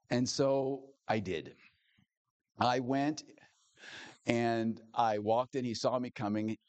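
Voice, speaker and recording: A male pastor preaching a sermon, telling a personal story in a lively way, acting out the dialogue and laughing often. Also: mid-range voice, no room sound.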